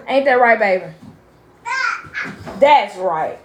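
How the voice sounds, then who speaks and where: A middle-aged woman whose fairly high voice swings all over as she chats on a casual live stream from home. She is blunt and talkative, giving parenting opinions and turning aside now and then to talk to a small child. Faint noise sits under the voice. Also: lively intonation, slow pace. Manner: blunt, chatty, breaks off to talk to her grandson.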